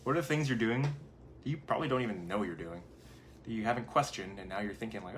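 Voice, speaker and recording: Talking fast in a fairly low voice, a man who runs his own life-coaching channel rambles conversationally through a casual motivational chat, voicing his inner thoughts as quotes. A little hiss or hum sits under the recording.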